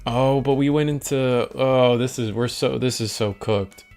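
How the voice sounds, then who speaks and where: A man's voice: medium pitch, fairly even intonation, a little slow, a little mellow, faint music behind. Rambling, slangy young man commentating. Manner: rambling and slangy, talks to chat. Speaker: stream host and commentator. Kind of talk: casual live commentary on a card game.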